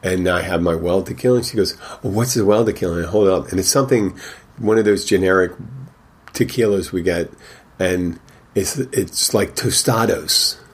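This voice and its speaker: A man with a very low, husky voice tells a long anecdote from behind the bar. He rambles and restarts, acting out the back-and-forth with customers in a casual, conversational way. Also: normal speed. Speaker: bartender. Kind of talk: casual storytelling.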